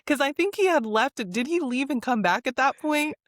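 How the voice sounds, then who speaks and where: Woman guest, very animated pitch, giggly banter, dry close mic. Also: normal speed, no room sound. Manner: giggly, lively commentary. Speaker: podcast guest. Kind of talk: casual pop-culture chat.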